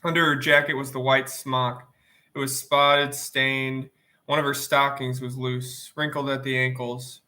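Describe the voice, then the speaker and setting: A man reading a novel aloud in plain, steady first-person narration, sniffling from allergies. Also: mid-range voice, a little slow. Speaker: audiobook reader.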